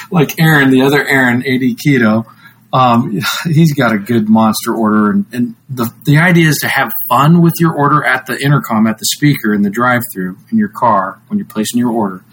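Brief male guest from the US, rambling casual talk, mid-pitched voice, faint noise behind. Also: moderate pace, fairly bright tone, poor audio. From United States. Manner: rambling, laughs often, many fillers. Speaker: podcast guest.

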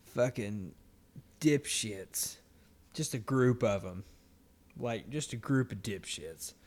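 Profane, animated man telling a story. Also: medium pitch, slow pace. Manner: profane, animated storytelling, mimics people in his stories. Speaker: podcast co-host. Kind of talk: casual chat.

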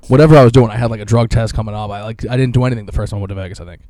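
A man's voice: fairly low pitch, very fast, mellow, no echo, clean studio sound. A young man, telling stories loosely and profanely as a podcast co-host. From Boston. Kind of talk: casual chat.

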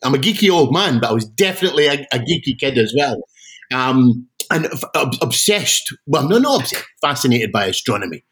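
A middle-aged Scottish man, a guest auctioneer, telling stories in a casual interview with animated, self-deprecating restarts. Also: medium pitch, a little fast, poor audio. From Scotland.

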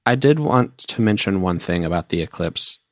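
A man with a very deep voice chats as a podcast guest. He talks in a playful, jokey way. The sound is close and dry. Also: animated, normal speed, a bit bright, no echo. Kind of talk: casual chat.

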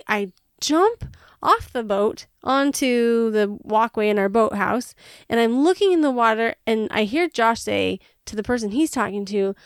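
A woman co-hosting a podcast, telling a story in animated fashion, laughing and acting out her own panic. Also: fairly high pitch, measured pace, clear, resonant tone, dry recording, studio quality. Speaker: podcast co-host. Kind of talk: casual storytelling chat.

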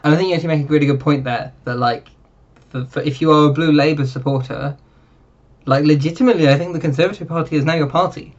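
A man's voice: a little high, fast talker. A man guest on a political podcast, hesitant and agreeable. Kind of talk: casual political chat. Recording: dull lo-fi mic.

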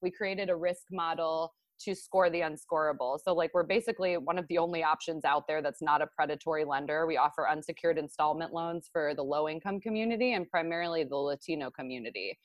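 A woman's voice: deep voice, quick pace, hardly any pauses, dry recording. A woman co-hosting a podcast, talking casually and chattily with frequent fillers. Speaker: podcast co-host.

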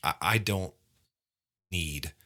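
Very deep-voiced bright male podcast host. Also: takes it slowly. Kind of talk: casual interview chat.

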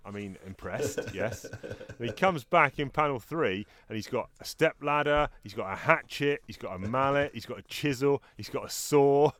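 A man's voice: mid-range voice, normal speed, no room sound. A man co-hosting a casual podcast, describing comic strips and acting out the characters' lines with animation. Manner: animated, acts out comic dialogue. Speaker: podcast co-host. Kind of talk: casual chat, reading comic strips aloud.

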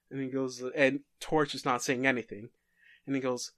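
Halting man telling a story. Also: mid-range voice, little pitch movement, a bit bright, no room sound, studio quality. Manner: halting, many fillers and restarts. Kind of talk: casual story pitch.

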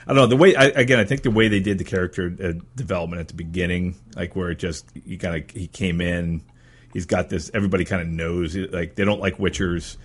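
American man, podcast co-host, very deep husky voice, halting casual delivery. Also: steady tone. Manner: hesitant, lots of fillers and trailing off. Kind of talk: casual chat.

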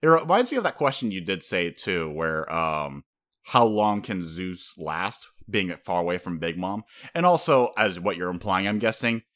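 A man co-hosting a casual chat, excitable and swearing freely, sometimes acting out characters. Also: deep voice, moderate pace. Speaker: podcast co-host.

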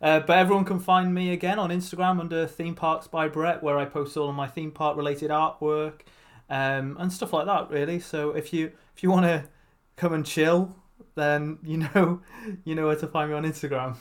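A man's voice: fairly high pitch, steady tone, moderate pace. A man co-hosting a podcast, talking casually with frequent restarts. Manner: chatty, stumbling restarts. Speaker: podcast co-host.

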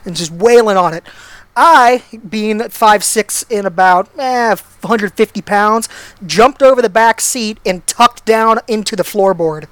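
A man's voice: sits high, a little slow, fairly bright tone, no echo. Man, easygoing storyteller, self-mocking, dry close sound. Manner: laid-back, self-deprecating storytelling. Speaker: storyteller guest. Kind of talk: casual anecdote telling.

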